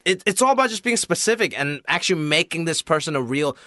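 Lively, bright-voiced man in casual chat. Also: on the high side, quick pace, no room sound, studio quality. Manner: animated, storytelling, trails off into quiet asides. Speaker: actor and podcast guest.

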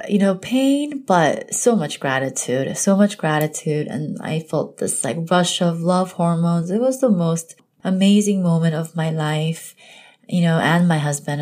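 Casting: young adult woman with a low voice, heartfelt personal storytelling, casual filler words. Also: darkish tone. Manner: emotional, earnest, many "like" fillers. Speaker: podcast host telling her birth story.

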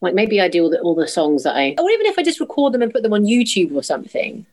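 A woman's voice: medium pitch, sing-song, fast, a little mellow. A woman in her thirties, a musical theatre actress chatting as a guest and bubbly, acting out quotes in funny voices. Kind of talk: casual interview chat.

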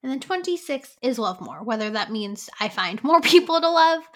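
A woman's voice: a little high, big pitch swings, moderate pace, fairly bright tone. A woman in her twenties co-hosting a podcast, chatting casually and working through a numbered list with asides. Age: 20s. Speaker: podcast co-host.

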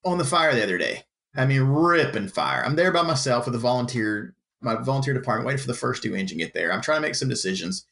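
A man, a firefighter, talking casually on a podcast in animated bursts with frequent restarts. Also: mid-range voice, fast, vocal fry. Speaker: firefighter guest.

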